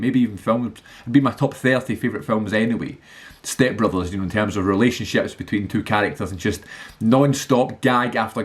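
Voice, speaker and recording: A man talking casually and eagerly to camera about films, rambling with lots of fillers and restarts. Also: on the low side. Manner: enthusiastic. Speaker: film vlogger. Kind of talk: casual movie list monologue.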